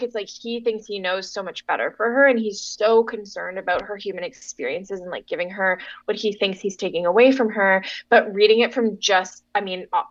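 A woman co-hosting a podcast in casual chat, rambling and animated as she retells scenes. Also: medium pitch. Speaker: podcast co-host. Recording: dull, dry recording.

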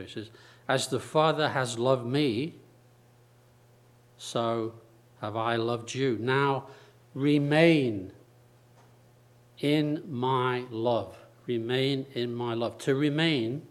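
A man preaching a sermon slowly and deliberately, repeating phrases and pausing for emphasis. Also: mid-range voice.

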